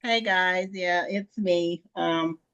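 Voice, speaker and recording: A woman's voice: on the low side, slow pace, a bit bright, smooth, highs cut off. A woman speaking on a video call, sounding tired and hesitant. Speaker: group member. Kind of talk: casual chat.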